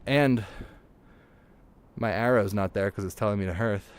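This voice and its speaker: A man's voice: lowish voice, moderate pace, slight background noise. A man livestreaming a game in VR, talking casually and rambling in a self-deprecating way. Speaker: streamer. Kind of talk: casual gaming livestream chat. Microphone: VR headset mic.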